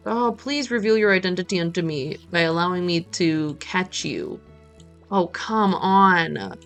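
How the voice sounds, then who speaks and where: A woman's voice: lowish voice, lively intonation, unhurried, a bit bright, soft background music. A woman streamer chatting playfully while she plays, talking to the game as she goes. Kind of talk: casual gameplay chat.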